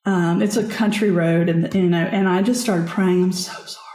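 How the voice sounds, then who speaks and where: A woman guest on a podcast, telling her own story in an earnest, halting way with frequent restarts. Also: lowish voice, fairly even intonation, dark tone. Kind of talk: candid personal storytelling. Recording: echoey room.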